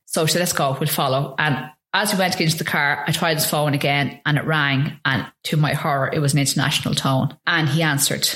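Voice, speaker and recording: A middle-aged Irish woman telling a painful personal story in an interview, halting and full of restarts. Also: low-pitched, steady tone, fairly bright tone. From Ireland. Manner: halting, with frequent ums and restarts. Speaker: guest. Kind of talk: emotional personal testimony.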